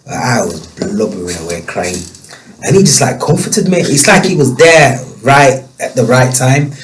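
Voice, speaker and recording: A man telling a personal story as a guest, emotional and halting, with many restarts. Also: mid-range voice, poor audio.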